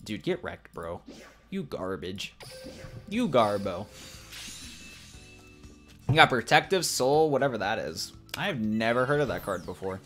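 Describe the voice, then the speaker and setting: A young man giving live, excitable commentary on a card game he is playing, thinking aloud and trash-talking his opponent. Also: on the low side, a little slow, long pauses, faint music behind. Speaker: let's play gamer.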